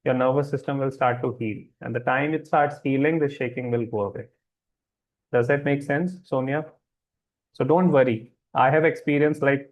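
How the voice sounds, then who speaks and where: Guy running a wellness webinar, mid pitch, kinda dull lo-fi sound, keeps asking does that make sense. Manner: reassuring, repeats check-in questions. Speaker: wellness coach hosting a webinar. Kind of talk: live webinar talk answering chat questions.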